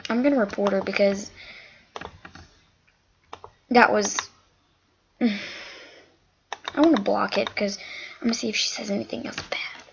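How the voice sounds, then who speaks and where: A woman's voice: medium pitch, gravelly, slight background noise. A woman in a casual vlog rant, rambling and agitated as she retells a quarrel. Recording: dull lo-fi home recording.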